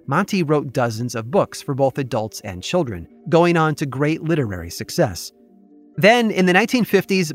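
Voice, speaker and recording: A man hosting a podcast, telling a true story in scripted, measured narration with a wry touch. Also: a little high, fairly bright tone. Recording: faint music bed behind.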